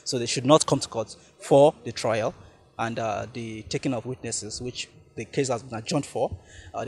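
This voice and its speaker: A man, a defense lawyer briefing reporters in formal legal language with hesitant restarts. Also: medium pitch. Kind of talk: press briefing.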